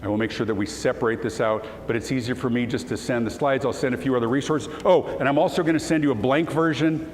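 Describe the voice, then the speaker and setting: A man delivers a keynote talk, telling his story with animated, acted-out dialogue and a voice that breaks with emotion. His mid-pitched voice rings in a large hall with a long reverb tail. A faint background hum sits under the talk. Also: fast, hardly any pauses. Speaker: keynote speaker. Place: conference hall.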